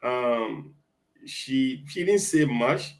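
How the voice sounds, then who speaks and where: A man co-hosting a casual political talk show, talking in halting bursts with many restarts. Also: medium pitch, lively intonation, rough recording.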